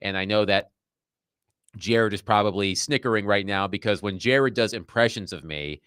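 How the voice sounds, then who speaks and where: A man hosting a sports radio show, talking in an animated, nerdy way and digging into numbers. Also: fairly low pitch, normal speed, smooth, dry recording, clean studio sound. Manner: animated, self-described nerd who enjoys digging into numbers.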